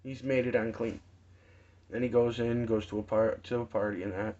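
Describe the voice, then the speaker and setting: A man preaching informally, retelling a parable in a halting storytelling manner with many restarts. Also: medium pitch, level tone, warm tone, a little hiss or hum. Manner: slow, halting storytelling with restarts and acted quotes. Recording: dull lo-fi sound.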